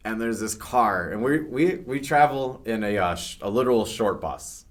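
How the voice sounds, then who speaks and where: A man who is a guest on a podcast, telling a band story in a casual, animated way, swearing freely and restarting often. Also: lowish voice, moderate pace.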